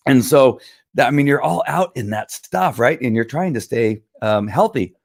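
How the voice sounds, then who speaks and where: A man streaming live from home, talking casually to viewers with a hoarse, tired voice, rambling with many fillers and throat clearing. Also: mid-range voice, lively intonation, normal speed, dry recording. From Southern California. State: hoarse, losing his voice. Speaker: live stream host selling wellness products. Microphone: computer or phone camera.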